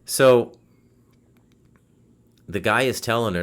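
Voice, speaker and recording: Animated man telling a story on a podcast. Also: fairly low pitch, normal speed. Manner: animated, swears freely, frequent restarts. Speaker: podcast host. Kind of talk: casual storytelling. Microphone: video call setup.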